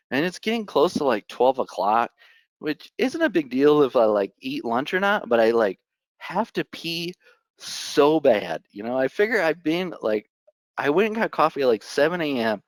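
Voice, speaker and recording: A young man telling a story at a conference talk, lively, laughing often and saying "like" constantly. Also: on the high side, no room sound. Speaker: conference speaker.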